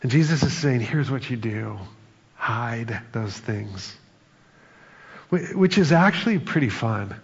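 A man's voice: medium pitch, expressive, slow pace, husky. A man delivering a sermon in a conversational way, acting out quoted lines with bursts of humor. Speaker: pastor. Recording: reverberant hall, dull sound.

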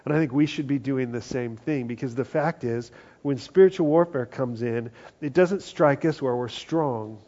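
A man preaching a conversational sermon, acting out quoted voices and often dropping to a hushed tone. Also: mid-range voice, moderate pace. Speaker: pastor. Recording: dull lo-fi sound.

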